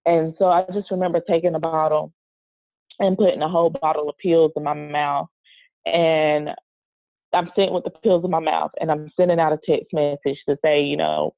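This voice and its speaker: A woman telling an emotional personal story in an interview, speaking in a halting, earnest way. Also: low voice, steady tone, dry recording. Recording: dry, tinny phone-like sound.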